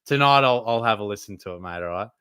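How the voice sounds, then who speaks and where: A laid-back young Australian man runs a live Q&A stream and answers chat questions in a casual, matey way. His voice sits low but has a bright, forward edge. He is recorded close on a dry mic with no room around him. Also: lively intonation, fast talker, clean tone, no echo. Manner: laid-back, blokey, calls viewers mate. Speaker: fantasy football live stream host.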